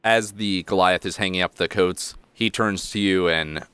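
A man narrating as game master in a relaxed, casual, descriptive way. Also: low voice, normal speed, hardly any pauses, clear, resonant tone, no echo.

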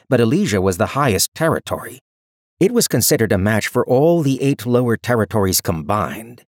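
A man reads a fantasy story aloud in a steady, measured way. His voice sits on the low side. The recording is close and dry. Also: no room sound. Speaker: narrator. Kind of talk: scripted narration.

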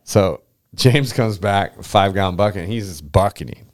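A young man with a deep voice tells a story in casual chat at normal speed. He swears often, says "like" constantly, and acts out his friends' lines.

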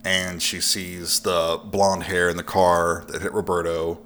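A man's voice: deep voice, level tone, measured pace, fairly bright tone. A man casually recapping a horror film's plot on a podcast, laughing often. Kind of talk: casual film discussion.

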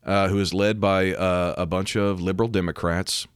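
Deep american preacher guy, emphatic, gets loud and animated, dry close sound. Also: moderate pace, clean tone, no room sound. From United States. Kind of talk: preaching commentary to camera.

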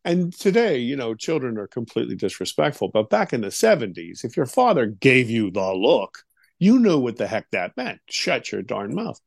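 Gravelly middle-aged man telling a story. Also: medium pitch, normal speed, no echo, studio quality. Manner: animated, acts out quoted voices, many fillers. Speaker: guest. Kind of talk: interview storytelling.

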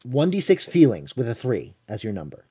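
A man running a tabletop role-playing game, narrating scenes and calling rolls in a brisk, matter-of-fact way. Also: mid-range voice, huge pitch swings, warm tone, husky. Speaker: game master.

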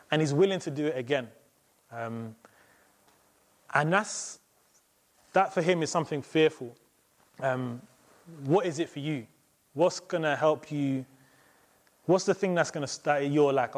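A man's voice: on the high side, moderate pace, pauses often. A young man preaching a sermon as a visiting speaker, talking in a loose, conversational way with many fillers.

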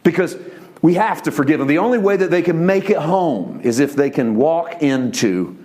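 Animated preacher man, lively pitch. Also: normal speed. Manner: animated preaching, shifts between soft low tones and raised emphasis; voices quoted speech in a conversational preacher's tone. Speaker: pastor. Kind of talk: sermon.

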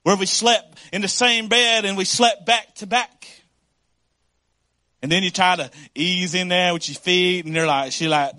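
A man's voice: high-pitched, steady tone, unhurried, pushed and bright. A middle-aged male pastor preaching a sermon, telling stories about his marriage with laughs and acted-out quotes.

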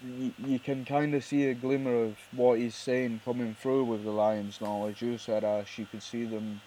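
Male podcast co-host, mellow low tone, thinking-aloud delivery with repeats. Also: little pitch movement, normal speed, a little hiss or hum, poor audio. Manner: thoughtful, stumbles and repeats words. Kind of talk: casual chat.

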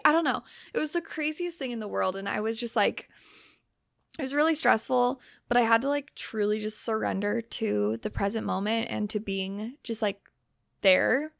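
Young woman podcast host, chatty and rambling, some vocal fry, dry sound. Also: on the high side, moderate pace, no room sound. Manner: rambling, lots of "like", swearing. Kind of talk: casual chat. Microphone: microphone close to the face.

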